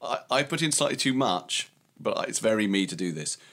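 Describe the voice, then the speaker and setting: Middle-aged man, co-host. Low, quick, animated casual talk. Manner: animated, swears casually, enthusiastic. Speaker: podcast co-host. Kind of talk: casual chat.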